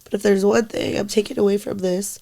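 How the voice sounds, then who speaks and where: Young woman podcast cohost, creaky fry in her voice, halting, lots of "like", swears, goes soft and near whispery. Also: mid-range voice, little pitch movement. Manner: halting, full of "like" and frequent swearing; quietly emotional, sometimes trailing into near-whispers. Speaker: podcast co-host. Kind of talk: casual podcast chat.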